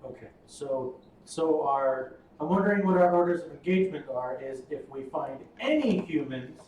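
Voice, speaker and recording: A man's voice: a little high, lively intonation, normal speed, darkish tone, distant mic. A man playing a tabletop game, asking many questions, stammering and laughing. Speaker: player. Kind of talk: casual tabletop game chat. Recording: echoey, off-mic, faint hum.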